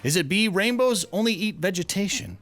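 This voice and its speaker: A man's voice: sits high, animated, a little fast, fairly bright tone. A man hosting a radio show, chatting casually and running a trivia segment in a loose storytelling way.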